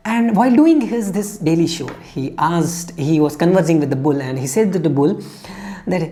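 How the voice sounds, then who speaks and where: A man's voice: fairly high pitch, expressive, moderate pace, warm tone, faint music behind. A man giving an earnest, emphatic motivational talk, telling a fable to make his point. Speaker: motivational speaker.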